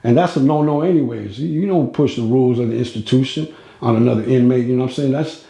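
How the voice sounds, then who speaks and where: Gravelly man telling a street story. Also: medium pitch, quick pace, warm tone. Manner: slangy, rambling, street talk. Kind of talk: casual storytime monologue. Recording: roomy echo.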